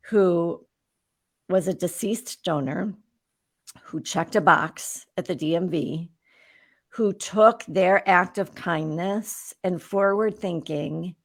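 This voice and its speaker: A woman in her fifties, a guest on an interview show, telling her own story candidly and with animation. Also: on the low side. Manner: animated, candid storyteller who acts out remembered exchanges.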